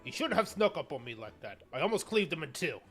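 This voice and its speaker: A man voicing a gruff old male noble warrior general in a visual novel, speaking loudly, slowly and commandingly. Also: fairly high pitch, big pitch swings, soft background music. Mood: menacing. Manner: loud, slow, commanding.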